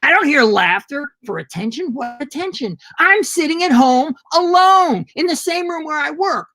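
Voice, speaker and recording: A man's voice: very high voice, expressive, moderate pace, pushed and bright. A man performing an agitated, profane comic rant alone at home into his laptop on a video call. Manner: agitated, profane, ranting to the camera. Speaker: monologue performer.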